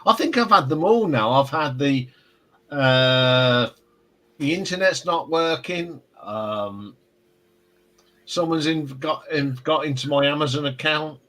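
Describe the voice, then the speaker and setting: A man hosts a casual live stream, chatting and telling rambling stories, often restarting his sentences. His voice is on the high side, pushed and bright, he talks slowly, and the audio quality is poor.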